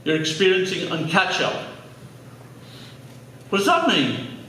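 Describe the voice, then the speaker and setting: A man's voice: high voice, wildly swooping pitch, unhurried, bright, forceful tone, a little hiss or hum. A man with an Irish accent giving a public talk to a live audience, conversational with jokey asides. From Ireland. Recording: echoey hall, mic at a distance.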